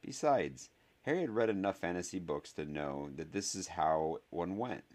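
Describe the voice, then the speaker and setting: Deep-voiced man narrating a story. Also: animated, normal speed, darkish tone. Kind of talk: scripted audiobook narration.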